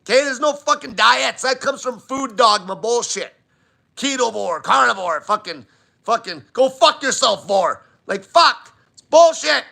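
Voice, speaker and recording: Guy with a gravelly high voice swearing nonstop, emphatic diet rant on a live stream. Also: animated, measured pace, pushed and bright. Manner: blunt, swears constantly, emphatic. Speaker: diet channel host.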